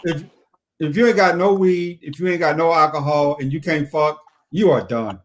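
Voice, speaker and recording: A man's voice: fairly high pitch, moderate pace. A man talking as a guest in a casual chat, opinionated and rambling.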